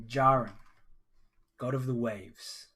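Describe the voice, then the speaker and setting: A man's voice: medium pitch, fairly even intonation, takes it slowly, bright, forceful tone, husky. A man narrating his solo tabletop role-playing game on a live stream, casual and hesitant, chatting with viewers. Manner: casual and hesitant, many ums, talks to chat.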